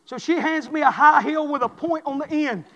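A man preaches an impassioned sermon, circling back to his phrases again and again. His voice sits unusually high for a man. It carries through a church sanctuary with a long echo. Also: moderate pace, creaky, bright, forceful tone, lo-fi sound, slight background noise. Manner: impassioned, repetitive preaching cadence. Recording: long hall reverb.

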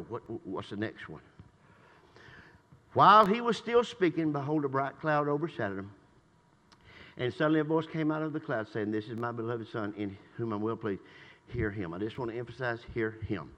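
An older man preaches in a reverberant church. His voice is bright and forceful. He moves from shouted hallelujahs to quiet, conversational teaching. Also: very animated, a little fast, dull audio. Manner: swings from shouted praise to low conversational asides. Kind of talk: sermon. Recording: long reverb in a church hall.

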